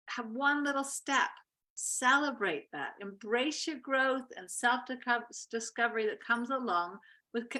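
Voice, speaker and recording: A woman love coach talking in a gentle, reflective, encouraging way in a casual chat. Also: fairly high pitch.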